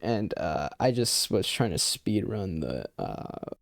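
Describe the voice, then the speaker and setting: This young vlogger tells a personal story loosely and meanderingly, peppering it with swearing and filler phrases in casual storytime fashion. His voice is low, creaky, slow and very animated. It's a dry, studio-quality recording.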